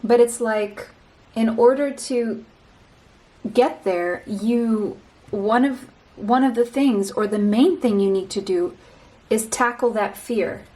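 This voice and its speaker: Woman reading tarot, slightly high voice. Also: mellow, poor audio. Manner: speaks straight to the listener, slow and reassuring, often repeats a phrase. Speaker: tarot card reader. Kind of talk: pick-a-card tarot reading spoken to the viewer.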